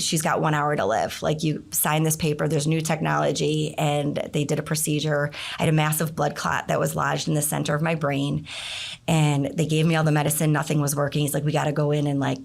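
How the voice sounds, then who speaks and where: A middle-aged woman, a guest in an interview, telling a personal story in a casual, animated way, her voice leaping up when she acts out what people said. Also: sits low, gravelly. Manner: animated storyteller, voice jumps up for quoted outbursts. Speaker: interview guest, nonprofit founder.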